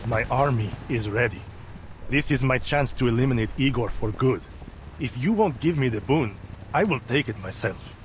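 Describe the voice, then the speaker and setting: A man's voice: mid-range voice, expressive, moderate pace, slight background noise, natural voice. A man voicing a ruthless, ambitious male army general who talks in a curt, threatening way in a game. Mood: hard. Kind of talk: game voice acting.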